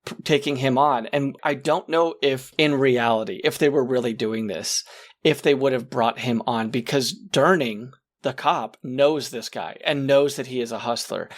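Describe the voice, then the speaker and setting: A man's voice: mid-range voice, normal speed. A man talking at length as a podcast guest in a casual movie discussion, often checking in with "right?". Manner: talkative, explains at length, peppered with "right?".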